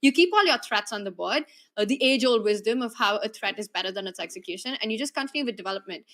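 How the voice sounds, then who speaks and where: A woman's voice: mid-range voice, lively intonation, fast, fairly bright tone. A woman giving live chess commentary, weighing candidate moves analytically and answering the viewer chat.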